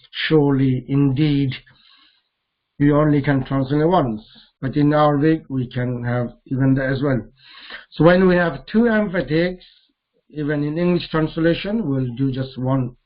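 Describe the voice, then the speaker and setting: Slow, deliberate male grammar teacher. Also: a little high, highs cut off. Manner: slow, deliberate, repeats terms and quizzes students. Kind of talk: live online grammar lesson.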